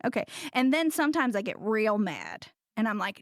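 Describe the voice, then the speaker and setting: A fairly high-voiced American woman with a Southern twang talks animatedly, joking around and tossing in little impressions. The sound is dry and close, with no room to speak of. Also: brisk, hardly any pauses, no room sound. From United States. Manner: animated, jokey, slips into put-on voices. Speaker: guest ceramicist. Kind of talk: casual conversation.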